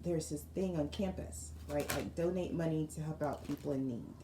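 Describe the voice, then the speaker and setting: Animated woman telling a story to viewers. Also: low-pitched, moderate pace. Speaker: tarot reader. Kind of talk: storytelling spiritual reading. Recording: roomy room with faint noise.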